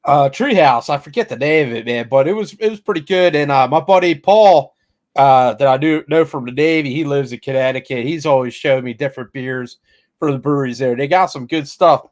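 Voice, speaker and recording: A man, co-hosting a casual chat, easygoing and quick to laugh. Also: mid-range voice. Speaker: co-host.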